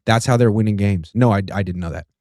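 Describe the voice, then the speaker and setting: A man's voice: on the low side, fast, a little mellow, no room sound, studio quality. Easygoing man reading viewer comments. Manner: easygoing, reads super chats aloud. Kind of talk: casual sports talk.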